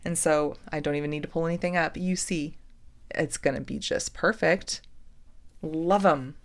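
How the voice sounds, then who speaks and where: A woman hosting a jewelry-making unboxing vlog, gushing with excitement and often dropping to a soft whisper. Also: deep voice, normal speed. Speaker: jewelry-making channel host.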